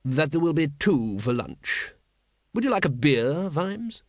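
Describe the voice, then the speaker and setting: Man doing a calm urbane aristocratic ruler. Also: a little high, a little slow, no echo, heavily acted. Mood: unruffled. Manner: unruffled, polite, dry.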